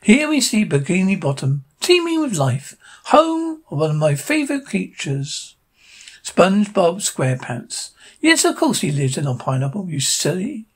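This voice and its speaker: A man voicing a cartoon documentary narrator, dreamy, exclaiming, husky. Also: high voice, very animated, normal speed, exaggerated voice. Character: wistful male nature-documentary narrator.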